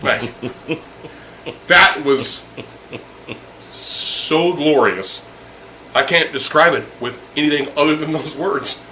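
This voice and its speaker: A man's voice: a little high, takes it slowly, long pauses, pushed and bright, a little hiss or hum, low-quality recording. A young man casually telling a profane story over drinks, acting out the people in it. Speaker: podcast host.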